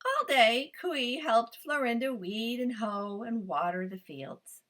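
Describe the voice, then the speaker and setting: A woman reading a picture book aloud as a storyteller, expressive and animated. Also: a little high, slow pace, hardly any pauses.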